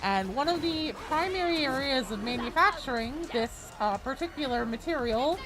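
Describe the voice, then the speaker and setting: A woman's voice: sits high, lively intonation, moderate pace. A woman game streamer in casual live-stream chat, rambling with many fillers as she explains game lore. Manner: nerdy, rambling, full of fillers.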